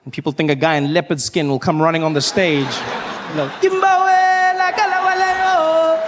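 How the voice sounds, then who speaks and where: A man performs stand-up into a handheld stage mic, his voice pitched higher than most men's. He tells animated, self-mocking stories. A faint hum sits underneath. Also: fast. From South Africa. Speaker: stand-up comedian. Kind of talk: stand-up comedy. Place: comedy stage.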